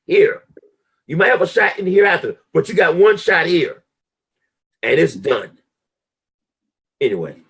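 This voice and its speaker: A man's voice: very animated, normal speed, long pauses, a bit bright, breathy edge. A middle-aged man speaking as a guest on a live stream, giving a motivational talk with emphatic, sweeping delivery. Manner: emphatic preacher-like delivery with big pitch swings. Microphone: live stream call audio.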